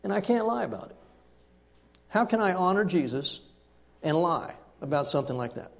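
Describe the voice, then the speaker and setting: A male pastor preaching a sermon, telling a personal story with animated delivery and hushed drops for emphasis. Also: on the high side, moderate pace, creaky.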